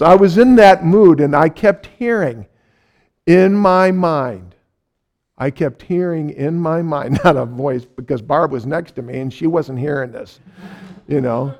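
Middle-aged pastor guy preaching, fairly high voice, repeats himself to hammer points home. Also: measured pace. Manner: animated storyteller, repeats phrases for emphasis; ends in a quiet closing prayer. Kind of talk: sermon with a personal story.

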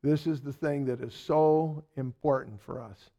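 A man teaching a verse-by-verse sermon in a folksy way, with loud stresses and soft asides, repeating words as he searches. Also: mid-range voice, fairly even intonation, a little slow. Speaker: Bible teacher.

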